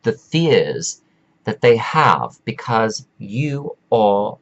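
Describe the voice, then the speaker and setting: Low-voiced man, preachy rambling talk. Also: very animated, muffled recording. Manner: meandering and preachy, drawn-out emphatic phrases. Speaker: self-help speaker. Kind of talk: rambling spiritual pep talk.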